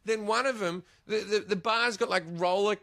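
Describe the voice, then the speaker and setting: A man's voice: sits high, steady tone, normal speed, a bit bright, no room sound, clean studio sound. A man telling profane, laughing anecdotes in casual chat, acting out the voices of the people in them. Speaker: guest comedian. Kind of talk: animated storytelling chat.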